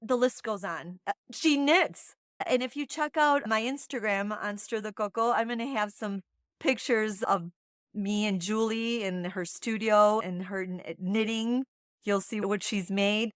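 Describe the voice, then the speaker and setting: A woman's voice: medium pitch, a little slow, fairly bright tone, dry recording, studio quality. A woman hosting a podcast, chatting in a bubbly, encouraging way and teaching short Spanish phrases. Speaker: podcast host. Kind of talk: casual chat.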